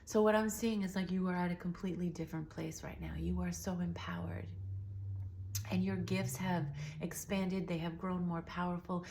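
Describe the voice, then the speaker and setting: A young woman giving an emotional, soothing intuitive reading straight to the listener, often dropping into soft whispers. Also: fairly low pitch, fairly even intonation, moderate pace, gravelly, slight background noise. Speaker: tarot reader.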